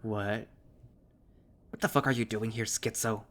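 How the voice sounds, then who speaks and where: A small male bat, an old bully who talks blunt and crude, as a man voices him. His voice sits low. He comes from a spoken visual novel reading. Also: fairly even intonation, unhurried, a bit bright. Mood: gruff.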